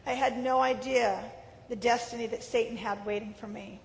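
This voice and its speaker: A woman's voice: fairly even intonation, normal speed, vocal fry. A middle-aged woman telling her life story as a personal testimony, earnest and emotional. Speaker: speaker giving testimony. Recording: hall reverb with faint rumble.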